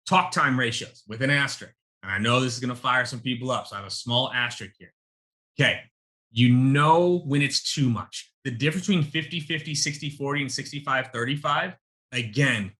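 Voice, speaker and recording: A man in his thirties leads a live sales-coaching webinar with a punchy, emphatic delivery. His voice is bright and forceful, and he keeps talking straight to his audience as y'all. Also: medium pitch. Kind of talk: energetic live webinar teaching.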